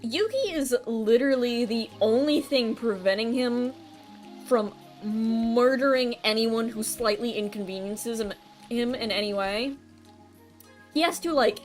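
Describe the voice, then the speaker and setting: Chatting casually during a gameplay stream, a woman rambles through a recap, stumbling over ums and correcting herself. She speaks at a fairly high pitch and an unhurried pace, with faint music in the background.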